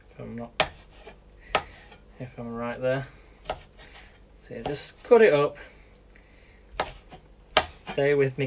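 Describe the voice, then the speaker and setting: A man's voice: medium pitch, noisy background. Chatty British man cooking live. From Britain. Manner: chatty and rambling, often addresses viewers as guys. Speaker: cooking livestream host. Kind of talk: casual live cooking demo.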